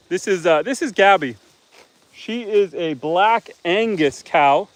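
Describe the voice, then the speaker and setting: Easygoing Canadian homesteader chatting outdoors. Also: male voice, a little high, rough recording. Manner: easygoing, chatty, teasing viewers. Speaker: homestead livestreamer. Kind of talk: casual live-stream chat reading viewer comments. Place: outdoors on a farm with animals.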